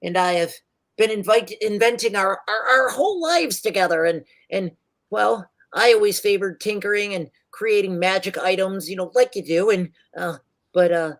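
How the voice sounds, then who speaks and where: A woman voicing a nervous, excitable male gnome inventor who stammers and rambles through his words in a tabletop game. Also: medium pitch, moderate pace, voice pushed up, natural voice. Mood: eager stammering.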